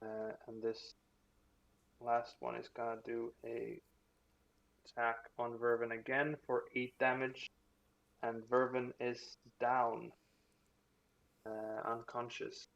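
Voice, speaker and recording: A man narrating a tabletop game as game master, unhurried, with frequent fillers and chuckles. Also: mid-range voice, monotone, gravelly, a bit bright, dull audio.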